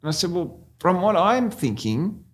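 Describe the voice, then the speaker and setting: A man's voice: high voice, moderate pace. An Australian man, a real estate agent, telling anecdotes in a casual interview and often laughing as he goes. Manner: animated storyteller, laughs while telling anecdotes.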